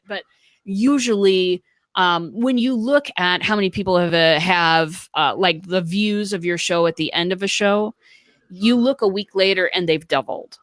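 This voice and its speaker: An American woman co-hosts a casual live stream, offering earnest, practical advice laced with lots of filler words. Her voice sits in the mid-range, and there's no echo.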